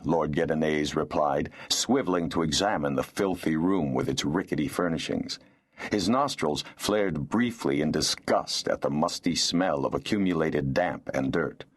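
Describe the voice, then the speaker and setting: A man narrating an unabridged fantasy audiobook with expressive storytelling. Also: a bass voice, a little slow.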